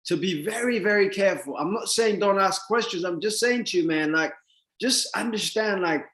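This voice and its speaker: Male motivational speaker, excitable and exasperated, laughs a lot, roomy echo. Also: high-pitched, normal speed. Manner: excitable, laughing, exasperated, acts out questions, mixes shouting and mumbling. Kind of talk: motivational talk.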